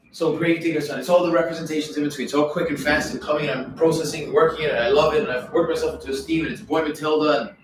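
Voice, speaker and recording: A man talking in a long, rambling monologue, animated and swearing freely, often slipping into quoted voices. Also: a little high. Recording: very echoey room, mic at a distance, faint noise.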